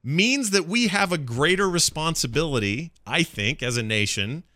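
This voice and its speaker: American guy co-host, bright forceful tone, conversational and opinionated, dry sound. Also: on the high side, animated, moderate pace, dry recording. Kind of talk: casual podcast debate.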